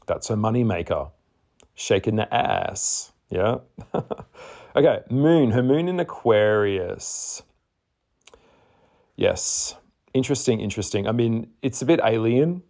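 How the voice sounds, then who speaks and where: Male astrologer, low-pitched, frank and chatty, casual spoken reading. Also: darkish tone. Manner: candid, chatty, swears, laughs often.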